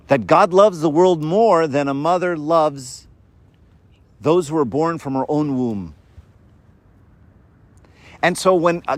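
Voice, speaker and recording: A man's voice: fairly high pitch, dry recording. A man giving an informal sermon to a group, talking in a conversational way, often checking in with "right?" and acting out the voices in his stories. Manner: conversational, keeps asking "right?"; acts out quoted voices in a story.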